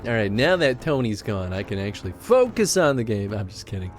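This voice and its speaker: A man's voice: lowish voice, sing-song, brisk, soft background music. A man hosting a livestream, chatting casually in a rambling way while playing a game. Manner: rambling, with restarts and laughter. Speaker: livestream host.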